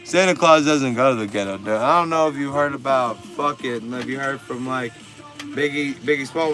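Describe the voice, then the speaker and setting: A man's voice: mid-range voice, normal speed, fairly bright tone, faint music behind. A man, hosting a casual livestream and bantering with viewer comments in laid-back, profane slang. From Texas. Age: 40s. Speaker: livestream host.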